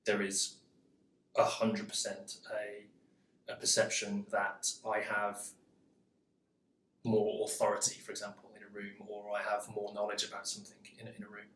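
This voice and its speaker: A man from England with an English accent, candid and self-deprecating, talking haltingly in an interview. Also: fairly low pitch, completely flat delivery, a bit bright, distant mic. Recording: roomy echo.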